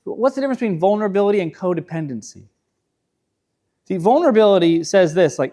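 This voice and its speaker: A man's voice: high-pitched, animated, fast talker, warm tone. A male pastor in his thirties preaching a sermon in a casual, self-deprecating storytelling way, acting out quotes.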